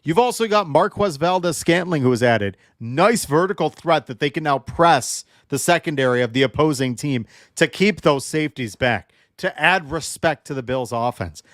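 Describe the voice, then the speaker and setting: A man's voice: on the high side, expressive, normal speed, few pauses, dry recording, clean studio sound. A young adult man hosting a livestream football show, emotionally charged and ranting while joking with his chat. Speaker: sports show host.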